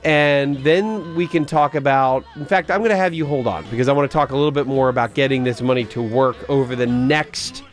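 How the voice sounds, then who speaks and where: A man's voice: mid-range voice, fairly quick, hardly any pauses, soft background music. A man hosting a radio finance call-in show, explaining money advice in a conversational way, often restarting sentences. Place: radio studio. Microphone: studio microphone.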